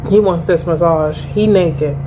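A woman of thirty vlogging a casual storytime indoors by a window, blunt and profane, telling it with animated energy. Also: on the low side, a little slow, background noise.

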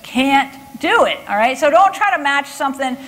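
High-pitched texas lady doing a conference talk, chatty and lively, keeps asking okay?. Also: moderate pace. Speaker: body language speaker. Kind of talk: conference talk with audience questions.

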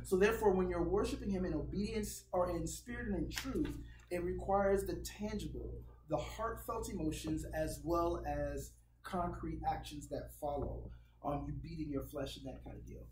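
A man's voice: fairly high pitch, darkish tone, slight background noise. A man, a pastor, teaching a worship class in a casual, joking, conversational way. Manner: informal, joking, acts out quick voices. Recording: echoey room, far from mic, audience around.

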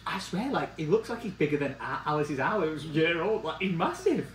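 A man gushes his way through a casual home vlog. His voice swings widely in pitch and he laughs often, bubbling with excitement. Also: fairly quick, a little hiss or hum. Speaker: vlogger.

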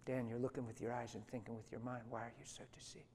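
A man's voice: medium pitch, fast talker, slight background noise. A middle-aged man preaching a sermon, telling a story with energy and acting out the voices of other people. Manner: animated storytelling, acts out voices. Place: large hall with long reverb. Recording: reverberant hall.

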